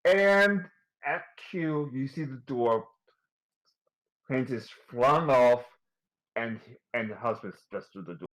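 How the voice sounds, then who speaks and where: A male game master narrating a tabletop session slowly and deliberately. His voice rises and falls a great deal, so scenes land with dramatic swings, and nothing about him sounds hurried. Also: medium pitch, expressive, a bit bright, poor audio.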